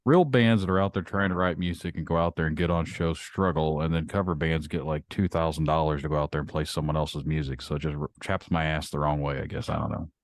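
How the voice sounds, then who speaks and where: A man's voice: a bass voice, steady tone, fast talker, hardly any pauses, no room sound. A man hosting a podcast, ranting bluntly with lots of swearing in casual chat. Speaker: podcast host.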